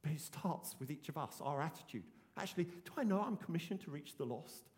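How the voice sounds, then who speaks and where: A man's voice: a little high, expressive, fairly quick, darkish tone, in a large hall. A man, preaching a sermon in an earnest, emphatic way and repeating his key phrases. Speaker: pastor.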